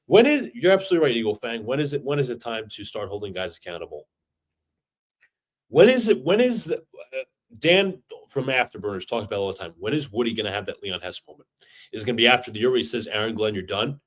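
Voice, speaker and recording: A man's voice: mid-range voice, big pitch swings, fast talker. A man hosting a sports fan livestream, talking in a frustrated, repetitive rant full of stumbles and restarts. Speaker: fan podcast host.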